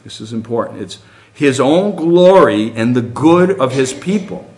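Preaching to his congregation, a middle-aged man lets his pitch jump up and down with genuine liveliness. He speaks at a measured pace, animated and earnest, repeatedly addressing listeners with rhetorical questions.

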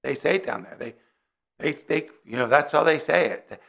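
A man's voice: a little high, lively intonation, moderate pace, gravelly, a bit bright. A middle-aged man from New Jersey preaching a sermon in a conversational way, weaving in personal stories.

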